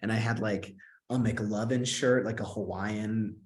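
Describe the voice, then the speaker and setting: A man in his twenties, an actor and singer, telling a story in a casual interview and quoting himself in excited bursts. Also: fairly low pitch, a little slow, slight background noise.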